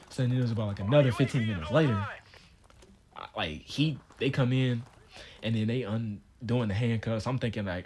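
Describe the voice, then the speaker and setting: A man's voice: mid-range voice, animated, brisk, a little hiss or hum. A young man casually telling a story on his channel, in a laid-back, slangy way. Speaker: channel host. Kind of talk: storytime vlog.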